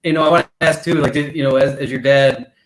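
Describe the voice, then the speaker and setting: A man's voice: medium pitch, steady tone, quick pace, slight background noise, poor audio. A man hosting a casual interview, asking rambling questions full of fillers. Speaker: host.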